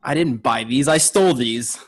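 A man's voice: mid-range voice, moderate pace, natural voice. A man playing a cocky young rogue. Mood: taunting.

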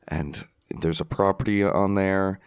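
A man chats about a film with a co-host, relaxed and full of dry, jokey asides. His voice is very deep. The sound is close and dry. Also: measured pace, smooth, no echo. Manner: laid-back, dry quips and jokey asides. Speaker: podcast co-host. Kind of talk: casual movie review chat.

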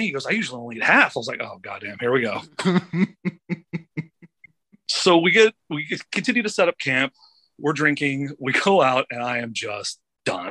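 A man's voice: fairly high pitch, sharp tone, no room sound, low-quality recording. A man co-hosting a podcast, telling a rambling story in casual chat, laughing and swearing freely. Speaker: podcast co-host. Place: outdoors by traffic.

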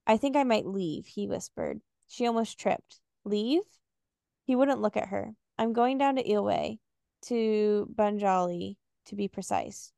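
A woman's voice: medium pitch, measured pace, vocal fry, warm tone, no room sound, studio quality. A young woman co-hosting a podcast, recapping a novel and reading passages aloud with casual fillers. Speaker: podcast co-host.

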